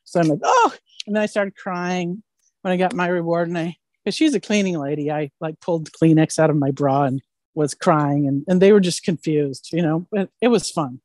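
A woman voice actress who tells animated stories in a casual interview and keeps asking "right?". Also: on the low side, a little fast, no room sound. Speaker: voice actress guest.

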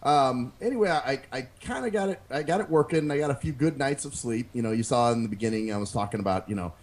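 A man's voice: mid-range voice, fast, hardly any pauses. A man co-hosting a podcast in casual, profane chat, telling stories and acting out what people said. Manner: animated storyteller, acts out quotes, curses freely. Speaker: podcast co-host.

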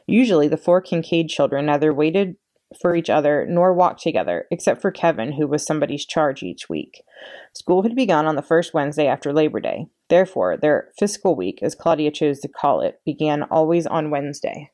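Low-voiced woman reading a story aloud. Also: brisk. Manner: expressive, storytelling. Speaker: children's librarian. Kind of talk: read-aloud storytime narration.

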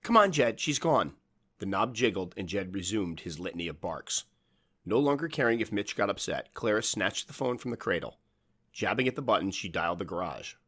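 A man narrating a horror story in a measured, dramatic storytelling manner. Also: low voice, animated, a bit bright, slightly rough.

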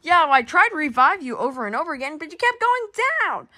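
A woman's voice: sing-song, fast, bright, forceful tone, full character voice. A woman voicing an angry squadmate kid who shrilly blames a friend after losing a game. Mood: accusing. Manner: high, shrill, accusing.

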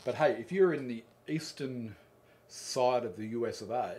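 A man's voice: medium pitch, normal speed, darkish tone, slight background noise. Friendly Australian man hosting a livestream. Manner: friendly, greets viewers one by one by name. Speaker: art teacher hosting a livestream Q&A. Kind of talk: casual livestream chat.

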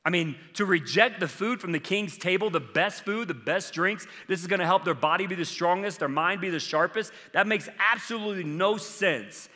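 Bright-voiced pastor preaching in an echoing hall. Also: male voice, sits high, normal speed, few pauses. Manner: conversational, earnest, fillers like "like" and "I mean". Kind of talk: sermon. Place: church sanctuary. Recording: long reverb from a large church hall.

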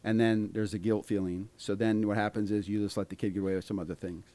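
A man's voice: lowish voice, flat delivery, quick pace, dark tone. A middle-aged man hosting a podcast, earnestly explaining a parenting idea in plain, casual talk.

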